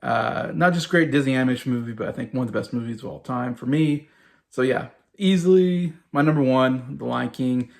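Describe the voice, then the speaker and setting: A man's voice: mid-range voice, brisk, creaky. A man hosting his own video, chatting casually and rambling with lots of fillers as he gushes enthusiastically. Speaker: YouTube host ranking movies. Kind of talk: casual chat.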